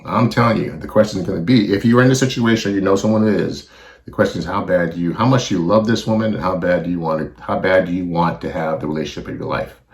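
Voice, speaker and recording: A man's voice: low voice, fast, echoey room. A middle-aged man hosting a podcast, talking bluntly and emotionally with heavy swearing in a confessional monologue. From California. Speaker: podcast host.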